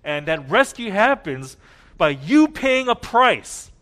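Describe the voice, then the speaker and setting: A man delivers a sermon in a fairly high voice. He swings from ringing emphasis down to quiet, hushed phrases, pressing each point with earnest conviction. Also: big pitch swings, slow. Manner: earnest preaching with wide swings in loudness, dropping to a hush at key points. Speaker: pastor.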